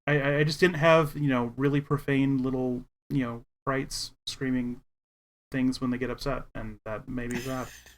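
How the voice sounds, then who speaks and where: A man's voice: mid-range voice, steady tone, normal speed. Hesitant man chatting on a podcast. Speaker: podcast co-host. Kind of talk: casual chat.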